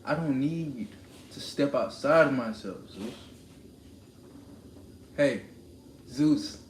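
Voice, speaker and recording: A man's voice: medium pitch, animated, slow. Guy ranting on his phone live, preachy, keeps repeating himself, roomy echo and noise. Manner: confrontational, preachy, repeats lines for emphasis. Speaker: livestreamer. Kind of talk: ranting live stream monologue.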